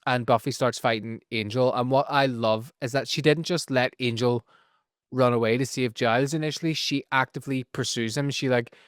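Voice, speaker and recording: A man with a Northern Irish accent recapping a TV episode in a casual podcast chat, telling it in a lively, profane way. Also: mid-range voice, moderate pace, no echo, studio quality. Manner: animated, profane storytelling with frequent laughs. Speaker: podcast co-host.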